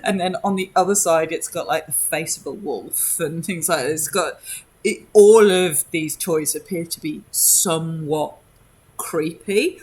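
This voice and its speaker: A woman running a tabletop game as game master, narrating scenes in a hesitant, descriptive way with many pauses. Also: low voice, a little mellow, husky.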